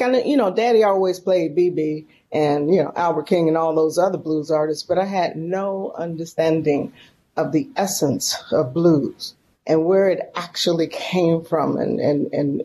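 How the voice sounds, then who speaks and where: A woman from San Francisco, a guest in an interview, telling a story in a folksy, animated and emotional way. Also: deep voice, measured pace. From San Francisco, California. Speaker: podcast guest, professor.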